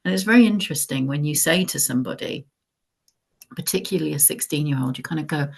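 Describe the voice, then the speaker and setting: A woman's voice: deep voice, vocal fry, slightly rough. A woman author as a guest in a conversation, talking reflectively and acting out bits of dialogue. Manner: reflective, measured, acts out dialogue. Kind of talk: live conversation.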